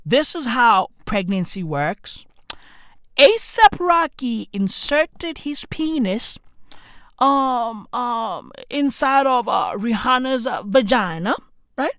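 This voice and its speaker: Brief: exasperated female comic, high voice, mocking and swearing. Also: fairly bright tone, dry recording, studio quality. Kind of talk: profane comedic rant.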